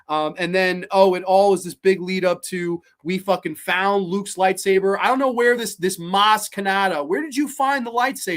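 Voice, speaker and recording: A woman hosting a casual film review show, ranting in a profane, sarcastic, animated way. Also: fairly low pitch. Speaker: host.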